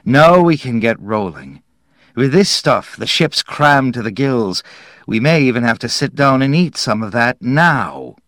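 A man's voice: mid-range voice, expressive, unhurried, a bit bright, no room sound, studio quality. A man reading aloud, voicing a bitter, scheming man who mutters sarcastically. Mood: sardonic.

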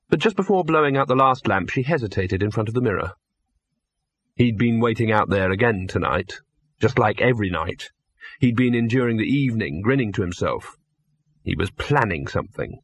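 A man narrating a comic fantasy audiobook in a measured, dry storytelling manner. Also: mid-range voice, a bit bright, dry recording.

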